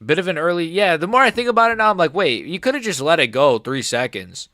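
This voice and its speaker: Excitable young man reacting to fights live. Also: a little high, fast, no room sound, studio quality. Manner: excitable, swears a lot, says "bro" often; swings between shouted outrage and quiet muttering. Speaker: MMA reaction streamer.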